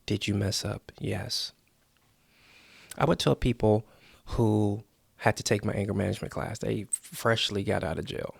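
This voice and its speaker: A man's voice: on the low side, steady tone, a little slow, gravelly, slightly rough, dry recording. A man hosting a motivational podcast, coaching earnestly and acting out the inner voices people hear. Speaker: podcast host.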